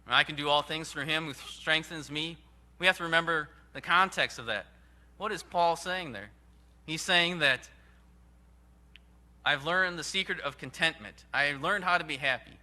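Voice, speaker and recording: A man preaching a sermon in an earnest, emphatic way, with sudden rises and hushed drops. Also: fairly high pitch. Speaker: pastor.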